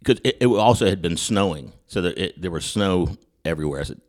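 Host, male, very low voice, animated raconteur, stumbles and restarts as he acts out quotes. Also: fairly quick. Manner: animated storyteller who acts out quotes, with frequent stammered restarts. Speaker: podcast host. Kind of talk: storytelling anecdote in casual chat.

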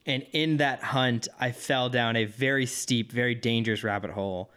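Male co-host, casual chat, enthusiastic, mid-pitched. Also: normal speed, fairly bright tone, clean tone. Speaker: podcast co-host.

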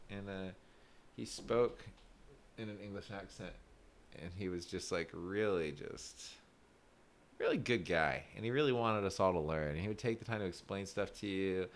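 A young man with a very deep, low voice chats casually, telling school stories. He rambles, fills his sentences with "like," and breaks into laughter often. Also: gravelly, a little hiss or hum. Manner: rambling, animated, laughs often, many "like" fillers. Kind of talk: casual storytelling chat.

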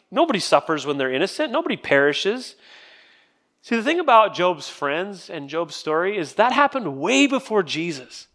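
High-pitched male pastor, casual group teaching with lively scripture readings. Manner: conversational, asks the group questions. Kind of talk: sermon Bible study.

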